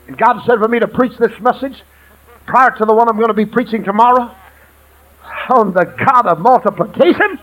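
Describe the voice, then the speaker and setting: A man preaching a lively sermon to a congregation, calling out for praise and answers. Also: very high voice, a little fast, dull audio, music in the background. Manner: exuberant call-and-response preaching, shouts and laughs. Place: church sanctuary.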